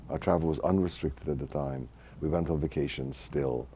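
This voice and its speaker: A man in his eighties who grew up in Hungary, recalling his childhood in a measured, reflective oral history interview. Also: rumbling low, dark tone, slight background noise. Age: 80s. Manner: measured, reflective, restarts mid-phrase.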